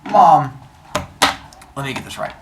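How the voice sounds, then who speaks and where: A woman voicing an exasperated goddess mother, scolding loudly and indignantly, in an echoey room from a distant mic. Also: low voice, expressive, slow, very noisy. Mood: incredulous.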